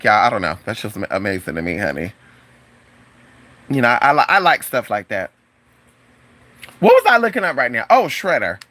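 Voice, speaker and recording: Animated, swearing livestream spiritual advisor. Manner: animated, swears freely, calls viewers "y'all" and "honey"; swings into high exclamations. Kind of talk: casual livestream chat with viewers.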